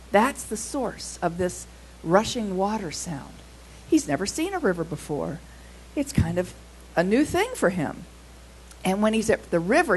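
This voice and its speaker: Woman pastor, animated storyteller, slightly high voice, preaching to a congregation. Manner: animated storyteller with quick asides. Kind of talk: sermon with storytelling. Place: in front of a congregation.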